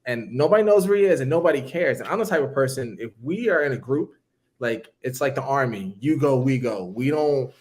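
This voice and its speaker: A man casually telling a long story on a podcast, acting out what people said with big jumps in his voice. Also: fairly quick. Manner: animated, acts out quotes with big pitch jumps.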